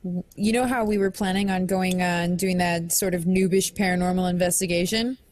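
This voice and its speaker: A woman's voice: lowish voice, fairly even intonation, brisk, a little mellow, no echo. A woman co-hosting a casual gaming podcast, playful and giggly. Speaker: podcast co-host. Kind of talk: casual chat.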